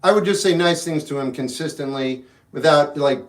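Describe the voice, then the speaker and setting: A man hosting a livestream, answering chat questions in a relaxed, frank, musing way. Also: on the high side, normal speed. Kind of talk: casual live chat. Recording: echoey room, mic at a distance. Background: guitar music in the background.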